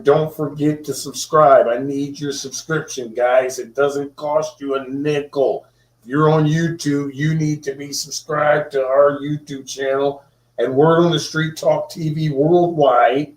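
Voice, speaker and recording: A man's voice: fairly high pitch, a little mellow, echoey room, recorded from a distance, low-quality recording. A man hosting a watchdog channel, delivering fiery commentary with an impassioned, indignant edge.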